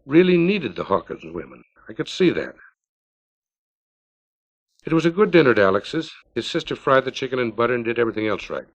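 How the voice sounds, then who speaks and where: Author-narrator, man in his fifties, plain measured storytelling, gravelly, dull 1950s record. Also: mid-range voice. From California.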